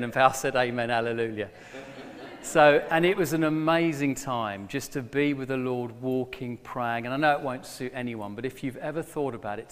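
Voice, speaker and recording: A middle-aged man preaching a sermon to his former church, telling a story with lively bursts when he plays a character. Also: medium pitch. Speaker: former pastor, guest preacher. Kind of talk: sermon with a joke. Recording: long hall reverb.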